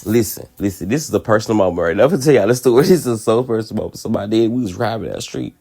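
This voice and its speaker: A man's voice: lowish voice, animated, racing, creaky, darkish tone, slightly rough. A man hosting a podcast, telling a personal story in a candid, profane way and laughing often. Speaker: podcast host.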